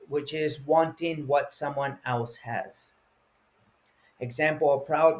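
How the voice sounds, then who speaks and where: A man teaching English vocabulary, explaining each word patiently and acting out short example feelings. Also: on the high side.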